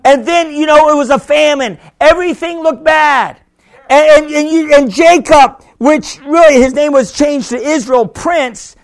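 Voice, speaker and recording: A man preaching a sermon as pastor, with sudden shouts and many repeated words. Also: very high voice, unhurried, vocal fry.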